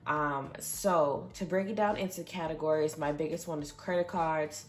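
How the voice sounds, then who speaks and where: Low-voiced woman chatting about budgets. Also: fairly even intonation, normal speed. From Michigan, USA. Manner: chatty, reads out exact figures, earnest. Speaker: budgeting vlogger. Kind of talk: casual budget update.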